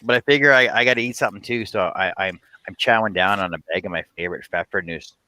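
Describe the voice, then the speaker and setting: A man's voice: fairly low pitch, fast, pushed and bright. A man, joking easily in a casual live chat. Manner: easygoing and jokey.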